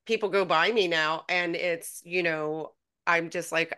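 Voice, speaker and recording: A woman's voice: lowish voice, fairly even intonation, a little slow, pushed and bright, clean tone. A woman co-hosting a podcast, sharing her experiences in casual chat in an earnest, reflective way. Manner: earnest, reflective, quoting her inner thoughts. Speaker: podcast co-host.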